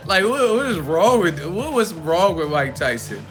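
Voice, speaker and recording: A man hosting a live boxing chat, animated and profane, often breaking into laughter. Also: a little high, normal speed, few pauses, faint music behind. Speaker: boxing channel host. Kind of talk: live casual commentary.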